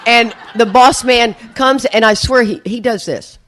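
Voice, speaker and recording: Middle-aged woman, recovery-meeting speaker; animated storyteller who laughs often and mimics the people in her tale. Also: on the high side, a little slow. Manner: lively, laughing, acts out voices in her story. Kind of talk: storytelling talk to an audience.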